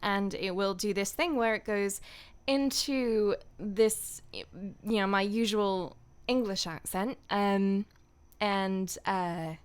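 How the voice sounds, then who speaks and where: Young female streamer, smooth clear voice, chatty, laughs a lot between thoughts, casual. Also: mid-range voice, slow. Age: young adult. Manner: chatty, laughs often, many fillers. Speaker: voice actor streaming. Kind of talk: casual live-stream chat.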